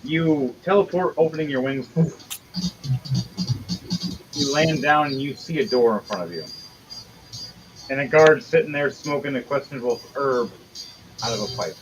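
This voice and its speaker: A man's voice: mid-range voice, normal speed, pauses often, over music, poor audio. Man game master narrating loosely. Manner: loose, rambling narration with swearing.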